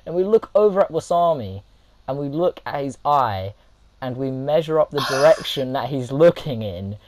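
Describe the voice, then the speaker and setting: A young man casually telling a funny story to his viewers, animated and laughing, acting out what people said. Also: medium pitch, moderate pace, a little hiss or hum, rough recording. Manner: animated, laughing, acts out quotes. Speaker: vlogger.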